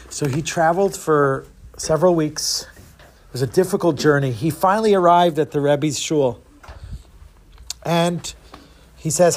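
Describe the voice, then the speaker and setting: A man telling religious teaching stories with animated, dramatic delivery. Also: fairly high pitch, moderate pace. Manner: animated storytelling, lively dramatic shifts. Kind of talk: storytelling sermon.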